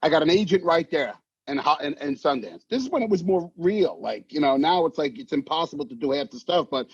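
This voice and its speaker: Animated New storyteller, husky voice. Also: male voice, fairly high pitch, fairly quick, dry recording. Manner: animated, swearing, acts out voices in anecdotes. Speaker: actor guest. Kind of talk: casual storytelling interview. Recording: dull muffled sound, dry.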